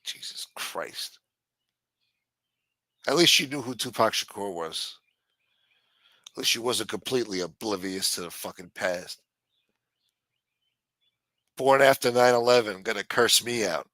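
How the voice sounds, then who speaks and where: Middle-aged man, heated profane rant, bright edge, dry close sound. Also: lowish voice, normal speed, long pauses, no echo. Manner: blunt, heated, swears constantly. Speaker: live-stream host. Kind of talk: profane ranting monologue.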